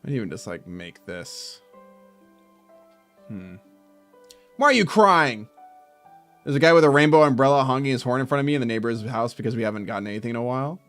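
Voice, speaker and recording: A man streaming while he draws, reading viewer comments aloud and breaking into loud mock outrage with swearing. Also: medium pitch, fast, soft background music. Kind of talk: casual live-stream chat while drawing.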